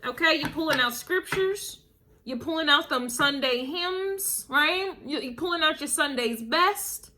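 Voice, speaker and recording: High bright-voiced woman giving a reading. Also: lively intonation, unhurried, a little hiss or hum. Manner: emphatic, repeats phrases, chuckles often, calls listener baby. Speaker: tarot and astrology reader. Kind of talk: casual spiritual reading to camera.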